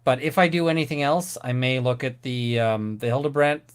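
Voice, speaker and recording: A man's voice: mid-range voice, a little fast, clean tone. A man co-hosting a casual live-stream chat, ranting and swearing a lot. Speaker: co-host.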